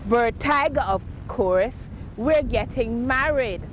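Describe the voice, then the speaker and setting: A woman's voice: on the high side, animated, slow pace, noisy background. A woman voicing a proud young engaged lady who speaks primly and with indignation. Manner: prim and indignant.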